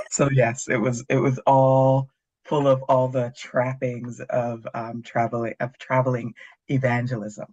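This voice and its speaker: A woman's voice: a bass voice, flat delivery, moderate pace, a little mellow, lo-fi sound. A middle-aged woman from Canada, speaking as a guest in a casual conversation, candid and dryly funny. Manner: candid, dry humor.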